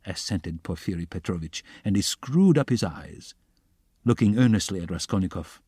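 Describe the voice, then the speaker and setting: A man narrating a classic novel as an audiobook reader, steady and even. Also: low-pitched, normal speed, husky, no room sound, clean studio sound. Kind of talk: scripted narration.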